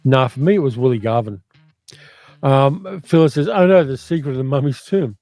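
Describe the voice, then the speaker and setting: An older man with an educated Australian accent hosts a relaxed livestream and talks easily between viewer comments. His voice is dark and mellow, recorded dry and close, with faint music underneath. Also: mid-range voice, moderate pace, dry recording. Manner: chatty, reads viewer comments aloud and muses on them. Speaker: movie channel host reading live chat. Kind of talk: casual livestream chat.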